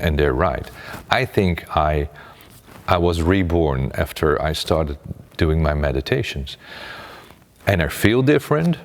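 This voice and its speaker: A middle-aged man with a very low, deep voice, speaking slowly and calmly as he reflects on his life as a meditation teacher. He often restarts his sentences, and a long reverb hangs behind him. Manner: calm, unhurried, with frequent restarts. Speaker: meditation teacher and former radio presenter. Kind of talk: reflective personal talk.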